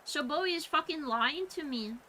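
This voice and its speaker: A young woman streamer chatting casually and reading her live chat aloud, animated and giggly. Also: sits high, moderate pace, background noise. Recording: music playing behind.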